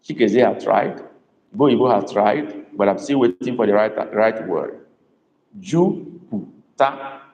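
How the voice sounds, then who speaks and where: Male tutor, patient, slow repetitions, echoey reverberant room. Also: lowish voice, a little mellow, highs cut off. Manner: patient, repeats words slowly, calls on students by name. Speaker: language tutor. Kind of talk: live online class teaching.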